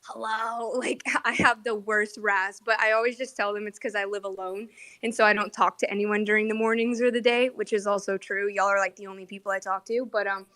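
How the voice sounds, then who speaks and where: A woman's voice: medium pitch, fairly even intonation, a little fast, bright, forceful tone, no room sound. A young woman hosting a casual online chat, talkative and self-deprecating with lots of fillers. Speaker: host.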